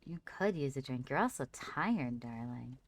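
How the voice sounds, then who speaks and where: An animated woman with an extremely low voice speaks a little slowly while livestreaming a survival game. She chats casually with viewers and fondly talks to her character as she plays.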